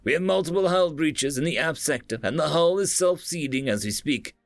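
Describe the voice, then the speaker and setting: A man voicing a brisk, dutiful male sensor tech who gives crisp status reports. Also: fairly high pitch, animated, dry recording, pitched above the performer's own voice.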